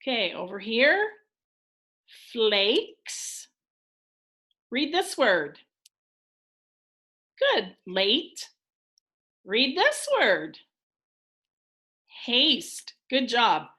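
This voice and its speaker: A woman teacher leads a recorded phonics lesson for young children, encouraging them and sounding out every word clearly. Her voice is bright and fairly high, and she talks very slowly so the children can keep up. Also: very animated. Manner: slow, encouraging, clearly enunciated. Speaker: elementary school teacher.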